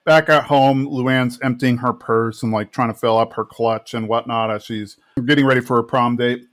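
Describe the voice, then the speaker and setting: Man, podcast co-host, mid pitch, easygoing recap chat. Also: normal speed. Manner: relaxed, retelling scenes with quoted lines. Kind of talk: casual chat recapping a TV episode.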